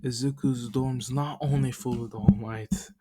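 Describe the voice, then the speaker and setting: A man's voice: mid-range voice, steady tone, measured pace, dark tone, a little hiss or hum. A man casually recapping a fan story as a channel host, rambling with many fillers and laughing at himself.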